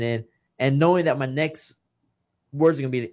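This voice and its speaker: A man's voice: medium pitch, normal speed. A middle-aged man, a retired boxer, telling an emotional personal story in conversation and acting out the dialogue he quotes. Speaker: retired professional boxer, guest.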